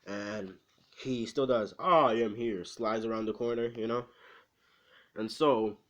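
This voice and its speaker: A man's voice: fairly low pitch, steady tone, slow pace, dull audio. A man casually telling a fan story, rambling and swearing with lots of filler. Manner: rambling, profane, lots of "you know".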